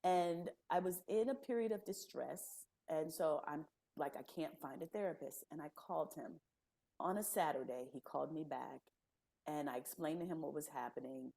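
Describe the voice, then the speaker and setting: A woman guest on a podcast, telling her story in a casual, animated way and acting out the conversations she describes. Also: low voice, normal speed, vocal fry. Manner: animated, laughing storyteller who acts out quoted dialogue.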